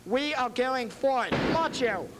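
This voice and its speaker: A man's voice: very high-pitched, expressive, measured pace, noisy background. A man playing a brash wrestling manager with a put-on Australian accent, taunting and boastful in a TV promo. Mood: defiant.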